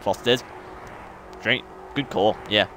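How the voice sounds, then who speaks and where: A man's voice: on the low side, slow, fairly bright tone, a little hiss or hum. A young man from Australia with an Australian accent partly worn down by life in the UK, giving casual, hyper and self-mocking gameplay commentary that rambles and laughs often. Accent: Australian, partly worn down by years in the UK. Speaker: gaming YouTuber.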